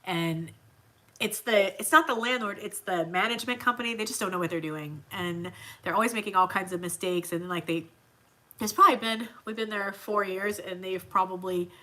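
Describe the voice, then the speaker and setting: A woman's voice: medium pitch, steady tone, brisk, pushed and bright. A woman hosting a casual livestream, chatting and answering viewer comments with frequent laughter. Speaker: livestream host.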